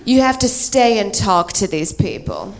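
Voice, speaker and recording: A woman's voice: mid-range voice, lively intonation, measured pace, voice pushed down. A woman doing her stern older aunt. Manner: firm and lecturing. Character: stern, no-nonsense older aunt giving advice.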